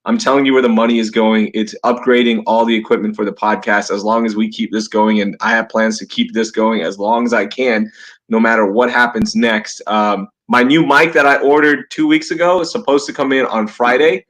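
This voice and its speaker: A man hosting a casual live podcast from home, upbeat and jokey, quick to laugh, talking into a cheap gaming headset. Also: fairly low pitch, steady tone, a bit bright. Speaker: podcast host.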